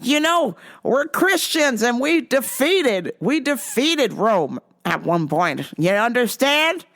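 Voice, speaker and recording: Woman mimics a preachy customer guy, slow, high, insistent, swooping lecture. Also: big pitch swings, fairly bright tone, heavily acted. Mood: lecturing. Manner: insistent, lecturing, repeats himself. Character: preachy pushy male customer, self-righteous.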